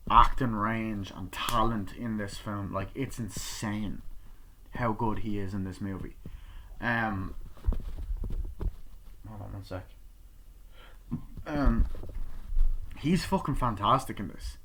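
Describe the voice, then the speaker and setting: A young man giving a casual, excited movie review, swearing freely and acting out lines from scenes. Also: on the low side. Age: young adult. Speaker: film reviewer.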